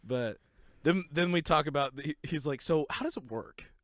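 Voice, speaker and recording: A man's voice: on the high side, moderate pace, a bit bright, no echo, studio quality. A young man co-hosting a podcast, eagerly retelling movie scenes and laughing as he goes. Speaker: podcast co-host. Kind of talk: casual movie review chat.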